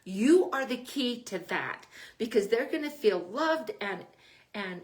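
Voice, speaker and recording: A woman's voice: on the high side, lively intonation, takes it slowly. An older woman hosting a podcast, giving parenting advice in a casual, chatty way with frequent laughs. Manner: chatty, laughs often between points.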